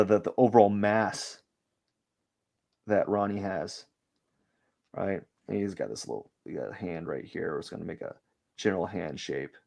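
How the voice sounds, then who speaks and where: A man's voice: low-pitched, gravelly, a little mellow. A man hosting a live drawing stream, giving casual commentary as he works and thinking aloud in a rambling way, with lots of fillers.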